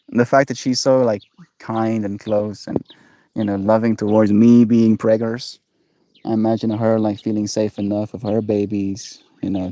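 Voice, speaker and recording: A man streaming live, chatting casually in a soft, rambling, musing way. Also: fairly low pitch, no echo, recorded from a distance.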